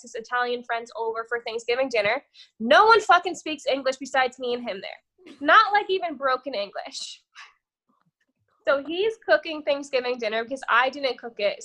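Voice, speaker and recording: A young woman chats as a podcast guest, her voice high and bright. She rambles through her story with plenty of swearing and offhand asides. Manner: profane, rambling, says "whatever" a lot. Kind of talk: casual storytelling chat.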